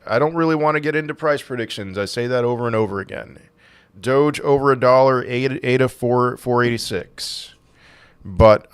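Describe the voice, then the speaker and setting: A man's voice: mid-range voice, smooth, dry recording. A man hosting a casual crypto livestream, reading out viewer questions and answering with offhand, dry sarcasm.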